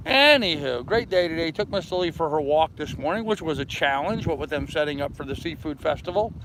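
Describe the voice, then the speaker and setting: A man's voice: on the high side, expressive, brisk. An older man vlogging casually from his boat outdoors in a marina, rambling and greeting passing neighbors. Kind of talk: casual chat to camera. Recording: wind noise outdoors by the water.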